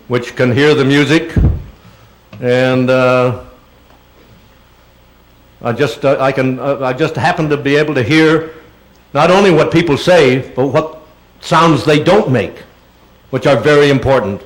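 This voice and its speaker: A man's voice: mid-range voice, unhurried, pauses often, low-quality recording. An older man speaking as a guest at a question-and-answer session, rambling and playful with theatrical touches. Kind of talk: Q&A talk to an audience. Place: auditorium.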